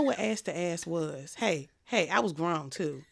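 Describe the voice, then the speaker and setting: Animated, gravelly woman telling wild stories. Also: medium pitch, measured pace, few pauses. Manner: animated, profane storytelling. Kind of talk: casual chat.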